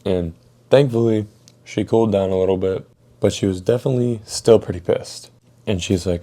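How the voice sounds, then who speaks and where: A man's voice: on the low side, normal speed, warm tone. A young man tells a casual storytime vlog in a laid-back, profane way. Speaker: storytime YouTuber.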